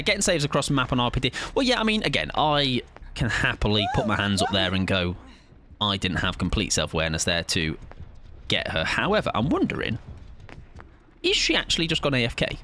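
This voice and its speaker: A man's voice: mid-range voice, bright, forceful tone, slight background noise. A young man streaming a game live, chatting to viewers in a playful, rambling, jokey way. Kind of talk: casual live-stream chat while gaming.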